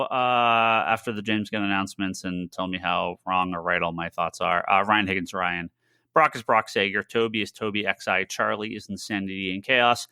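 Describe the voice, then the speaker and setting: A man's voice: on the low side, bright, forceful tone, clean tone, no room sound. A man with a Boston accent co-hosting a podcast, talking in a loose, rambling way with plenty of "uh"s and casual swearing. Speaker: podcast co-host. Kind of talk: casual chat.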